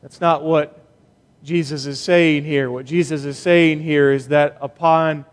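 Slow, emphatic preaching man in a hall. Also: fairly high pitch, steady tone. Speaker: pastor. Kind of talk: sermon.

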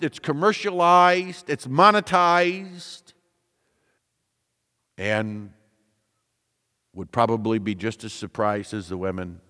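Slow, deliberate male preacher in a reverberant hall. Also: medium pitch. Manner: deliberate preaching with repeated phrases and rhetorical questions. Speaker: pastor. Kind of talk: sermon.

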